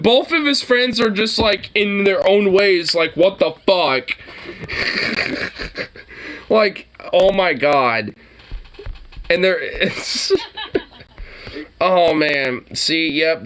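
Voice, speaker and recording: A man giving casual, animated reaction commentary on gun videos, swearing often and laughing at the clips. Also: sits high.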